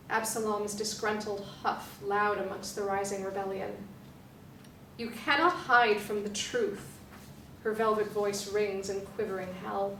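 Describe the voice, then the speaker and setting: A woman reads a novel excerpt dramatically, phrasing slowly and deliberately, with a flat, even pitch. Her voice sits far from the mic in an echoey room. A faint hum runs underneath. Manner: slow, deliberate phrasing with pauses. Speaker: performer reading a novel excerpt. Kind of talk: dramatic literary reading.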